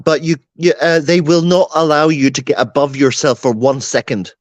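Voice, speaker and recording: Guy with a slightly high voice telling teasing stories, dry sound, no room echo. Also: fairly even intonation, moderate pace. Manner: wry, teasing storyteller. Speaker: co-host. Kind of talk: casual chat.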